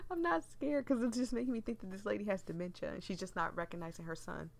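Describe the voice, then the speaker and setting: A woman's voice: mid-range voice, animated, fairly quick, creaky, few pauses, a little mellow. A young woman commenting casually on a game, earnest and emotional, talking straight to her viewers. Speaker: gaming video creator.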